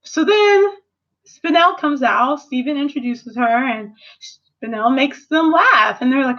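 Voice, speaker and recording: A young woman in a casual review chat, animated and slipping into character voices as she retells scenes. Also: sits high, normal speed, highs cut off. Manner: animated, acts out characters in quotes. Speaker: video reviewer.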